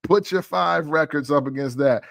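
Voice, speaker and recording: A man's voice: a little high, normal speed, creaky, fairly bright tone. A man hosting a casual music talk show, arguing playfully and laughing often.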